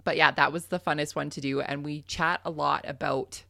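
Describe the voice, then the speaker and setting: A woman's voice: low voice, steady tone, normal speed, creaky, sharp tone, dry recording, studio quality. A young adult woman from Canada, a farmer and podcast host, telling a funny story in casual chat and laughing often.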